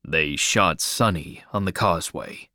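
A man voicing a calm, firm family adviser. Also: low voice, a little slow, no room sound, studio quality, pitched below the performer's own voice, heavily acted. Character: calm, controlled male family adviser under strain.

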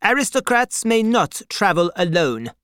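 A man's voice: high voice, sing-song, measured pace, clear, resonant tone, no room sound, voice pushed up, heavily acted. Brief: narrator putting on stern male revolutionary officials, raised and barking, dry close read. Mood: commanding. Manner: harsh, loud, commanding delivery.

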